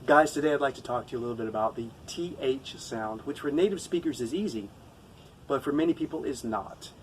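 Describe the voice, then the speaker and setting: A man who speaks English natively, teaching a pronunciation lesson to camera, patient and repeating each example slowly. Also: medium pitch, distant mic, a little hiss or hum, poor audio.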